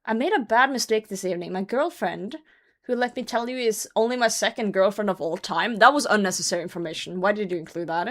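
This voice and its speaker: A woman streamer with a mid-range, fairly bright voice talks at a quick pace, chatting casually and reading a story aloud. She breaks in bluntly with profane commentary, swearing often and laughing through her reading.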